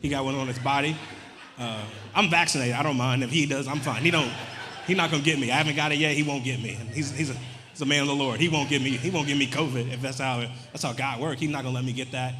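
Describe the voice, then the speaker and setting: Male stand-up comic, rambling deadpan delivery, live club room with long reverb. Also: mid-range voice, quick pace, background noise. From Louisiana. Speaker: stand-up comedian. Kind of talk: stand-up comedy set. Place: comedy club stage. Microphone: handheld stage mic.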